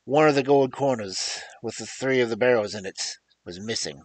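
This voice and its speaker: A man reading a classic story aloud in an expressive storytelling style. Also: medium pitch, a little fast, no room sound, low-quality recording. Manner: lively expressive reading with rises and drops. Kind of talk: audiobook reading, dramatic storytelling.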